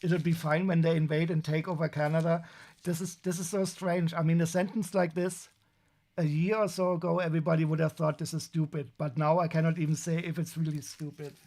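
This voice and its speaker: A man with a German accent talks casually on a live stream, and his voice sits a little higher than most men's. He rambles wryly, restarting his sentences and filling gaps with uh and um as he unpacks boxes. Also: little pitch movement, a little fast, darkish tone. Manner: wry, rambling, many restarts and fillers. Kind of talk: casual live-stream chat while unboxing.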